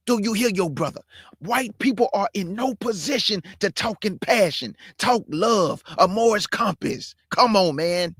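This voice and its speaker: A man's voice: high-pitched, fairly bright tone, husky, no room sound, studio quality. A man hosting his own stream, talking in a fiery, preachy way, repeating his points and calling his listeners family. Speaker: show host. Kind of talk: impassioned livestream commentary.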